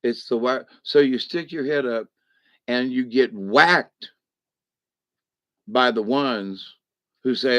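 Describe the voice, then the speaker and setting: A man's voice: mid-range voice, takes it slowly, pauses often, a bit bright, no echo. Rambling folksy man. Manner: rambling, folksy, acts out voices. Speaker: spiritual teacher. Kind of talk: casual spoken lesson. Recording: dull muffled sound.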